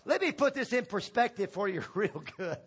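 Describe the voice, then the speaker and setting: High-voiced animated male preacher. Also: normal speed, slightly rough. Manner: emphatic call-and-response preaching with repeated phrases; folksy humor. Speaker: pastor. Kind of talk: sermon. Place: church sanctuary.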